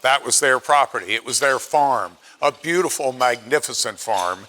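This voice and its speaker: After-dinner speaker, male, late seventies, from Pennsylvania; bright, chatty, self-mocking storyteller. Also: medium pitch, expressive, normal speed. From Pennsylvania, USA. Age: 70s. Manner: chatty, self-deprecating, acts out quotes in his stories. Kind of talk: anecdotal after-dinner speech.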